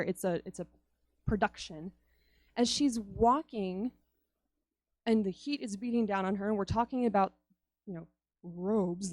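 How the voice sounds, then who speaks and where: A woman's voice: mid-range voice, darkish tone, no room sound. Chatty woman giving a youth sermon. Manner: chatty, laughs often, acts out stories. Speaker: youth speaker.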